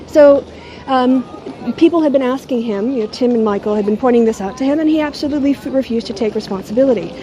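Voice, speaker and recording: A middle-aged woman YouTuber talks quickly in a high-pitched voice with a dark tone. In this casual talking-head vlog she holds a handheld camera at arm's length, sounding sardonic and mocking.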